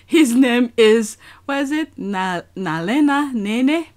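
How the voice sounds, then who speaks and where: A woman talks through a funny clip in a slow, unhurried way, her voice sitting high. She keeps dissolving into helpless laughter as she goes. It is a casual, late-night reaction commentary. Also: lively intonation, a little mellow.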